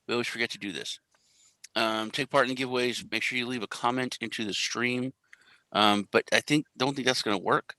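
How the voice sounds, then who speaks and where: A man's voice: mid-range voice, fairly even intonation, brisk, sharp tone, no echo, low-quality recording. Rambling jokey male crypto streamer. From US Central Time Zone. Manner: rambling, jokey, self-deprecating. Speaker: crypto show host. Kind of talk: casual live-stream chat.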